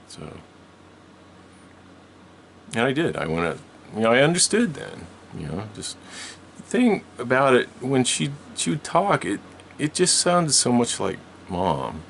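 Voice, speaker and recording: A man's voice: extremely low pitch, lively intonation, a little slow, vocal fry, pauses often, fairly bright tone, slight background noise. An older man telling a long story from his childhood in a rambling way, with many restarts and frequent laughs. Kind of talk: casual storytelling.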